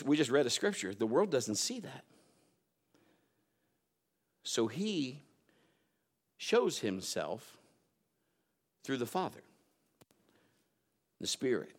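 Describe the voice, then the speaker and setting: A man preaching a sermon, telling stories and swinging between loud emphatic bursts and quiet low asides.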